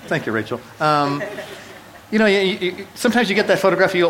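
Quick and expressive, a middle-aged pastor's fairly high, somewhat bright voice fills a church hall as he preaches to a live audience. He tells personal stories casually, with self-deprecating jokes, frequent restarts, and asides to listeners, on a low-quality recording with some hiss or hum.

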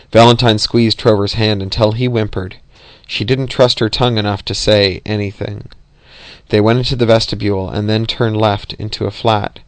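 A man reading a novel aloud as narrator, steady and even, with occasional slips. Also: on the low side, moderate pace, dry recording.

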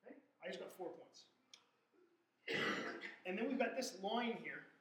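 A man's voice: high-pitched, animated, unhurried, fairly bright tone. A man lecturing a statistics class in an informal, joking way, often restarting and correcting himself. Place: lecture hall. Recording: echoey lecture hall.

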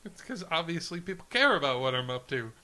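A young adult man co-hosting a podcast, teasing his partner with quick crude jokes and explaining a movie game. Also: a little high, very animated, bright, forceful tone. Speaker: podcast co-host. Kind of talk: casual banter.

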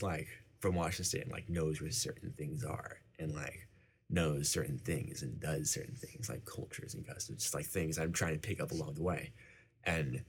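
A man's voice: low voice, breathy edge. A young man, a university student, answering interview questions casually and rambling with many fillers. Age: young adult.

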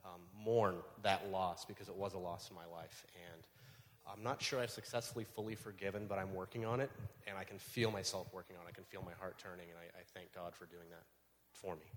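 Deep, flat-voiced man, quietly reflective. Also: fairly quick. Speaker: congregation member sharing testimony. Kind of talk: personal testimony in church. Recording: echoey hall, distant from mic.

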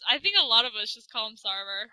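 A woman's voice: fairly high pitch, lively intonation, fast talker, a crowd in the background, low-quality recording. A young woman chatting casually and teasing her friend. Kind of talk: casual chat.

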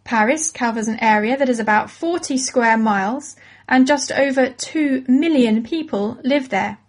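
Lady teaching kids, clear and patient, slightly high voice. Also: moderate pace. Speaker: presenter of a children's educational podcast. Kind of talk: scripted educational narration for children.

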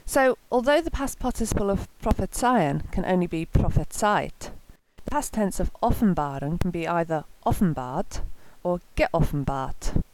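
A woman reading a scripted language lesson in a clear, measured way, slowing down to pronounce example words. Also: on the low side, animated, darkish tone, slight background noise, low-quality recording. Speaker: language teacher.

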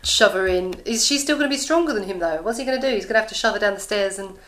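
A woman's voice: medium pitch, racing, a bit bright. An English woman co-hosting a podcast, recapping a TV episode in casual chat and laughing often. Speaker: podcast co-host.

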